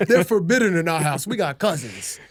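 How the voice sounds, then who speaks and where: A man from Philadelphia hosting a casual podcast chat, laughing often and reacting excitedly. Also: fairly high pitch, a little fast, noisy background. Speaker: podcast host.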